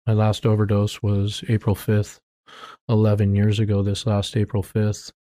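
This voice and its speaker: A middle-aged man shares his testimony as an interview guest, telling his life story candidly and from the heart with plain faith. His lowish voice is warm and monotone at a moderate pace, and he comes across as earnest, rambling, restarting, and quoting himself.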